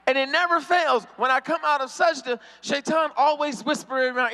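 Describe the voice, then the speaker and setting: A man's voice: very high-pitched, moderate pace, few pauses, sharp tone, in a large hall. A man doing a stand-up comedy routine, acting out the voices of people in his stories. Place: convention hall stage.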